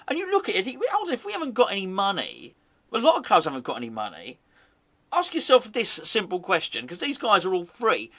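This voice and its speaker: A man's voice: high-pitched, sharp tone. A man hosting a fan channel, rambling and joking in casual football chat, often correcting himself mid-sentence. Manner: rambling, jokey, self-correcting.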